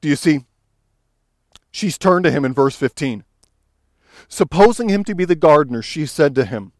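Man, pastor, earnest sermon, fervent emphasis, slightly high voice, dry close recording. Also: animated, normal speed, long pauses, a little mellow, dry recording. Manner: earnest, rising to fervent emphasis when quoting.

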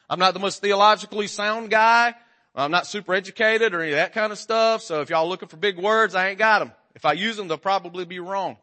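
Guest-preaching an informal sermon, this man in his forties jokes with the congregation and addresses them directly in a folksy way. His voice sits high and sounds bright and forceful.

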